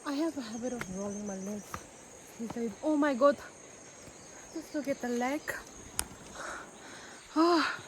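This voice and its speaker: Young woman vlogging on a farm, kinda high voice, slow and chatty, bugs buzzing faintly behind. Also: animated, slight background noise. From Nagaland, northeast India. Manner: chatty, exclamatory, thinks aloud. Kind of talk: casual walking vlog. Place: outdoors on a rural farm.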